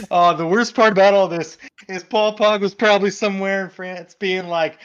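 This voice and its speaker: A man's voice: sits high, steady tone, moderate pace, a bit bright, smooth. A man co-hosting a casual sports podcast, laughing easily as he reads poll results and steers the talk. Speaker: co-host. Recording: muffled, lo-fi mic.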